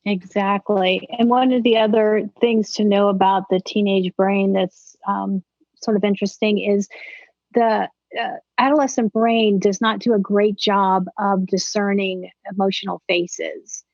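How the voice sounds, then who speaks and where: A woman's voice: medium pitch, fairly even intonation, a little slow, a little mellow, dry recording. Middle-aged woman, psychologist guest, explains with analogies; dry room, muffled audio. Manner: explanatory, uses everyday analogies. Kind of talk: conversational interview. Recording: dull, slightly muffled audio.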